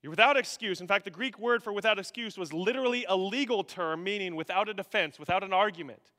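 Bright-voiced pastor preaching in a hall. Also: male voice, high-pitched, fast talker. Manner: animated, swings from loud bursts to hushed emphasis. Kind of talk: sermon.

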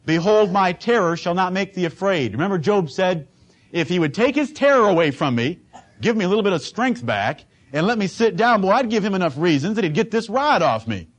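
A man's voice: high voice, sing-song, fairly quick. A man preaching a sermon as pastor, emphatic and dramatic, acting out the lines he quotes.

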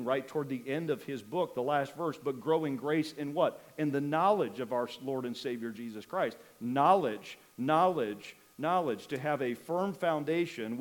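A man's voice: medium pitch, rough recording. A man preaching as a pastor in a church, earnest, asking rising emphatic questions and slipping in light humor. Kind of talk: sermon. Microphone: microphone.

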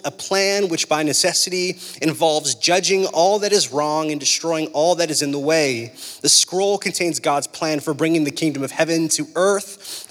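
A young man preaching a sermon, mixing scripture with a casual personal story, animated and chatty with lots of "like" and "right?". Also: high-pitched. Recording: long hall reverb.

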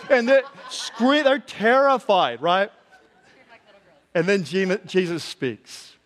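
A pastor with a fairly high voice delivers a sermon, telling the story with animated energy and frequent laughter. His voice carries a long reverb, as if it is filling a large hall. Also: takes it slowly.

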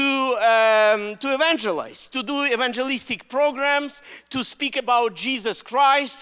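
A man's voice: extremely high pitch, smooth, long reverb tail. A man with a Russian accent preaching a sermon with energy and calling on the congregation to answer him. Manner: energetic, calls out to the congregation for responses.

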